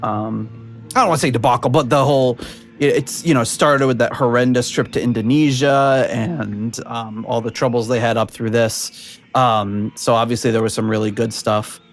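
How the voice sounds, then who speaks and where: A man's voice: mid-range voice, steady tone, moderate pace. A man hosting a podcast in casual chat over a video call, rambling with lots of fillers and frequent laughs. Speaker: podcast host.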